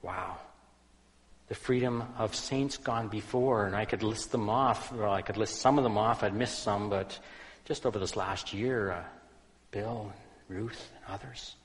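A man preaching a sermon as pastor, earnest and conversational, often dropping to a quiet emphasis. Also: lowish voice, unhurried, in a large hall, poor audio. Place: church.

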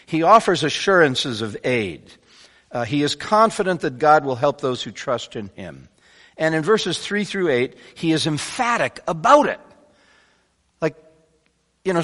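A man preaching a sermon to his congregation, animated, swinging between loud emphatic bursts and quiet asides. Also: fairly high pitch. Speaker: pastor. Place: church sanctuary. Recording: long church hall reverb.

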